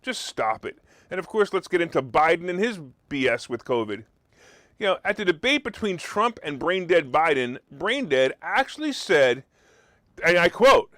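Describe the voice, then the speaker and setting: A man's voice: high voice, very animated, moderate pace, fairly bright tone, dry recording, studio quality. A man hosting a political talk radio show, talking in sarcastic, mocking rants.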